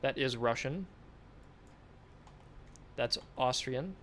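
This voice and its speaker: A man's voice: mid-range voice, animated, very slow, fairly bright tone, slight background noise. A man on a dev livestream giving casual, mumbled feedback on artwork, repeating short approvals. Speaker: game developer streaming.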